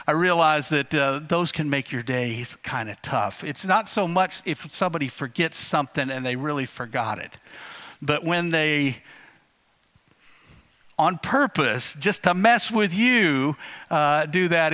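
A man preaching a conversational sermon as pastor, telling a story in a relaxed, rambling way with frequent fillers and restarts. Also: on the high side.

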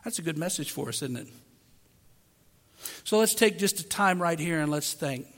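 A man's voice: a little high, expressive, normal speed, fairly bright tone. A man preaching a sermon to a congregation in a room, emphatic and often asking his listeners rhetorical questions. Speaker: pastor. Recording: long hall reverb.

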